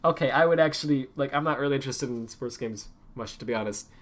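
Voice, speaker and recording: A man's voice: medium pitch, fast. A young man streaming a video game, chatting casually with lots of fillers and restarts as he plays. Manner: rambling, filler-heavy, self-correcting. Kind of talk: casual gameplay commentary.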